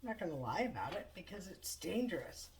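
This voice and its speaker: A woman's voice: lowish voice, big pitch swings, fairly quick, darkish tone, a little hiss or hum. A woman casually telling a rideshare story to camera in a blunt, chatty, sometimes profane way, laughing between points. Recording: voice a little far from the mic.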